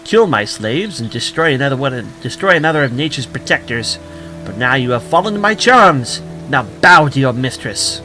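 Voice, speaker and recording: A man reading the lines of a female nymph who guards a tree, in a flat, tired voice, as he plays a video game. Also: medium pitch, moderate pace. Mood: commanding.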